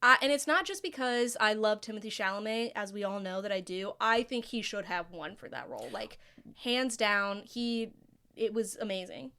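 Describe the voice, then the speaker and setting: A woman's voice: medium pitch, lively intonation, normal speed, sharp tone, clear, resonant tone. A young woman co-hosting a podcast in casual chat, candid and joking, with blunt opinions. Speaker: podcast co-host.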